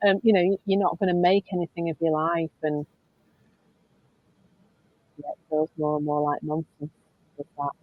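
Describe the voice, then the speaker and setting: A middle-aged woman from England, thinking aloud in a reflective chat as a podcast co-host, animated and quick to laugh. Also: deep voice, phone-quality sound. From Northern England.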